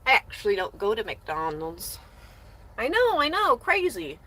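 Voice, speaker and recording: Sarcastic woman livestreaming, slow and lively. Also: fairly high pitch. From United States. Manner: sarcastic, talks back to chat; coos at her dog. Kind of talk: casual livestream chat. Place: inside her van. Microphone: phone livestream.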